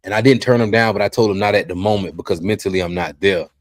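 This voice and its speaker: A deep-voiced man speaks with the slow, heavy weariness of someone near tears, stumbling and repeating his words as he opens up on a podcast. The sound is close and dry, with no room around it. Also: no room sound. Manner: weary, halting, repeats himself. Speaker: podcast host. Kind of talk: emotional podcast talk.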